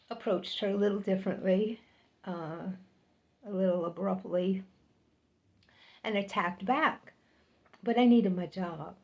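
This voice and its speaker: A woman's voice: mid-range voice, vocal fry, darkish tone, muffled recording. An older woman telling a personal story to the camera, chatty and repeating words for emphasis. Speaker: vlogger.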